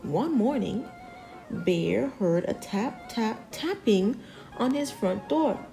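A woman reading a children's picture book aloud, slowly and expressively. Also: on the high side, vocal fry, faint music behind, poor audio. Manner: slow, expressive, animated. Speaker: storyteller.

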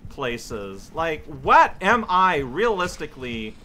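A man giving casual gameplay commentary, muttering to himself and bursting into exasperated shouts. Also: fairly high pitch, sing-song, slow pace, faint music behind. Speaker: let's play commentator.

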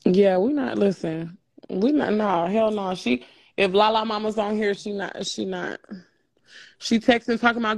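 A woman's voice: medium pitch, normal speed, creaky, no room sound. A woman co-hosting a live stream, gossiping in a blunt and profane way. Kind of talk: casual live stream chat.

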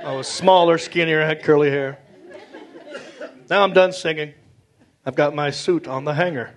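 A middle-aged man with a Southern American accent, telling stand-up stories in a drawling, animated way. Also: fairly high pitch, moderate pace, pauses often, a faint crowd. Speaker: stand-up comedian. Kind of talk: stand-up storytelling. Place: comedy stage before a live audience. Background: audience laughter.

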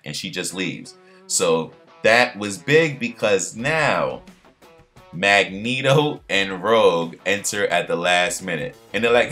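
A man casually recapping a cartoon episode, retelling scenes with slang and fillers and acting out quoted lines in a higher voice. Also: animated, normal speed, pushed and bright, soft background music. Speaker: pop culture commentator.

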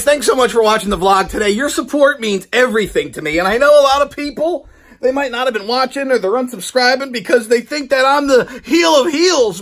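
A man's voice: extremely high pitch, vocal fry, sharp tone. A man vlogging at home in a playful, goofy way, sometimes slipping into mock wrestling-promo bravado. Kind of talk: playful family vlog chat. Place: home basement room.

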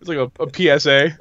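A man with a lively, slightly high voice drops in slow, jokey remarks during a podcast chat. His voice sounds close and dry, with no room sound. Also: no echo. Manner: laid-back, jokey interjections.

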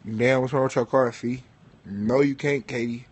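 Husky-voiced man ranting, bored and profane. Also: medium pitch, steady tone, normal speed. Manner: profane, spells words out loud, talks back to people off mic. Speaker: vlogger. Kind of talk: casual rant to camera.

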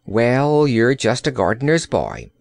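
A man's voice: medium pitch, wildly swooping pitch, measured pace, creaky, a little mellow, no room sound, heavily acted. A man voicing a frank, plucky little girl who speaks earnestly and bluntly. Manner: earnest, pleading, outspoken.

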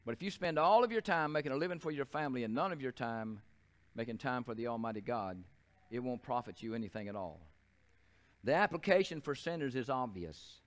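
Folksy Southern pastor preaching. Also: male voice, medium pitch, expressive, fairly quick. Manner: folksy storytelling, repeats and restarts phrases. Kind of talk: sermon. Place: church.

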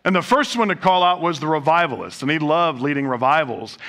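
Pastor guy giving a sermon, bright tone, lots of rhetorical questions. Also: on the high side, lively intonation, fairly quick. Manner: storytelling with jokes and rhetorical questions. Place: church sanctuary.

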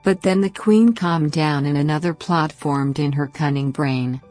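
A woman narrating a bedtime fairy tale in a slow, gentle, expressive reading. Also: sits low, soft background music. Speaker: storyteller.

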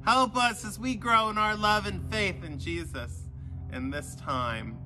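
A man giving a children's sermon, telling a Bible story with animated voices for the characters. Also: high voice, a little slow, faint music behind. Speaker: pastor.

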